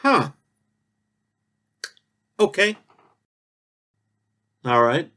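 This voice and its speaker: A man's voice: a little high, drawn-out words. A man hosting a spoof radio talk show, rambling through absurd jokes with a straight face. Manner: rambling, absurd deadpan banter. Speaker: host.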